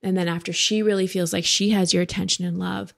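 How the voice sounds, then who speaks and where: Gravelly-voiced woman coaching a caller. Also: on the low side, fairly even intonation, quick pace. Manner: direct, gentle, coaching tone. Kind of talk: advice podcast with a caller.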